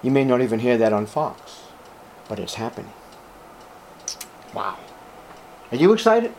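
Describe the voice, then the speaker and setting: A man preaching a sermon as a pastor to his congregation, fervent and emphatic, with sudden loud, high rises on key words. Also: a little slow, creaky, slight background noise.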